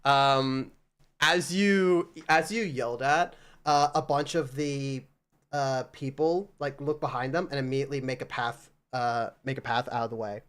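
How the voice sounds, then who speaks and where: A man's voice: medium pitch, fairly even intonation, measured pace, a bit bright, clean tone. A man narrating a tabletop game as game master, casual and loose, with plenty of fillers.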